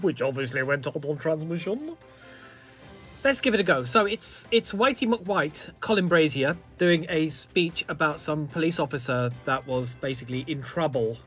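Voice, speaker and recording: A man's voice: fairly high pitch, fairly bright tone. A man hosting a comedy podcast, sarcastic and self-mocking, with crude asides. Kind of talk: sardonic comedy monologue.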